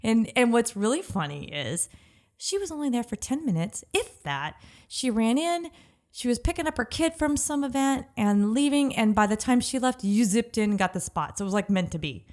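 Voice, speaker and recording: A woman co-hosting a business podcast, telling a story in a lively way and acting out what people said. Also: a little high, normal speed. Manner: animated storyteller, acts out quotes. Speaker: podcast co-host. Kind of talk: casual chat.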